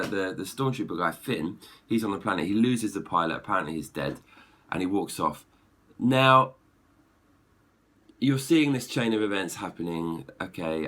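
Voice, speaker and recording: A man giving an exasperated, opinionated film review rant, clearing his throat often. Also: lowish voice, bright, forceful tone. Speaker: movie reviewer.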